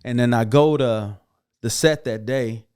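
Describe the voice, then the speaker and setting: A middle-aged man tells his own story as a guest, in a mid-range voice. He acts out the scenes, swelling into loud, excited bursts before settling back into steady narration. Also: medium pitch, measured pace, smooth. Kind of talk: animated storytelling.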